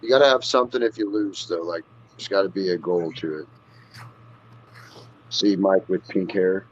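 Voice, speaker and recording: Low husky guy on a stream, laid back, lots of likes and ums, muffled sound. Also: moderate pace. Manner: laid-back, filler-heavy, suggests ideas. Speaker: guest on a live stream. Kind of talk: casual group chat on a live stream. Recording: dull lo-fi stream audio.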